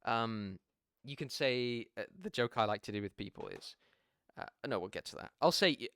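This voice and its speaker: Brief: male sales coach, mid-pitched, casual and animated, swears freely, dry close recording. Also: moderate pace, clean tone, dry recording. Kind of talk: casual tutorial talk.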